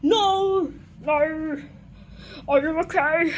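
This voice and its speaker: A woman in a puppet comedy skit, shouting frantic, shrieky exclamations, with noise in the recording. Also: sits high, drawn-out words. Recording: noisy background hiss.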